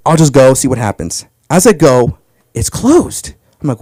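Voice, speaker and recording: Animated young man telling a stand-up story. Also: a little fast, no echo, poor audio. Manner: animated, jumps into high voices for his own quotes. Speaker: open mic comedian. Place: comedy club stage.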